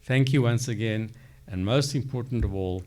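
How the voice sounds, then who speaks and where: A man closing a commencement ceremony with formal, courteous remarks, delivered deliberately. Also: mid-range voice, heavy background noise. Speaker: ceremony official closing the event.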